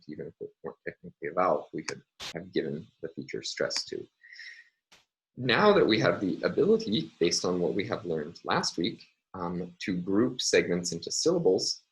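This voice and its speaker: A man's voice: low-pitched, low-quality recording. A man lecturing on a university course, explaining steadily with frequent fillers.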